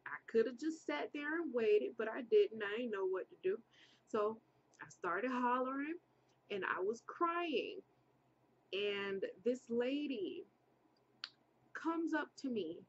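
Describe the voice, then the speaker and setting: A woman's voice: fairly high pitch, animated, slow pace, long pauses, lo-fi sound, slight background noise. A woman casually telling a personal story to viewers, chatty, repeating herself and speaking straight to her audience.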